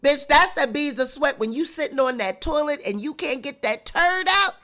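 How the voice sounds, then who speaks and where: A woman's voice: high voice, animated, moderate pace, very noisy. A woman vlogger giving emphatic, mocking gossip commentary.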